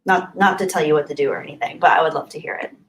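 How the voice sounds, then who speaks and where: A woman's voice: deep voice, racing, slight background noise, low-quality recording. A young adult woman hosting a casual livestream, chatting and giggling as she answers viewers' comments by name. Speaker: livestream host.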